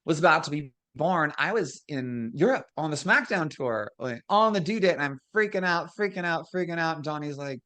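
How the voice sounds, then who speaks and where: A hoarse middle-aged woman, a guest and former wrestler, telling animated stories and acting out the people she quotes. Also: low-pitched, quick pace. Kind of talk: casual storytelling.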